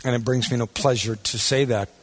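A man preaching a sermon in a casual, folksy way, swinging from loud, emphatic bursts to hushed asides. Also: medium pitch, fairly even intonation, a little fast. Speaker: pastor.

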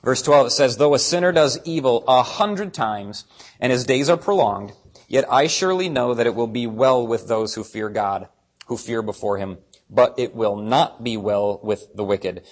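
A man preaching a conversational sermon, animated, acting out quoted voices as he reads scripture. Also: mid-range voice. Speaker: pastor.

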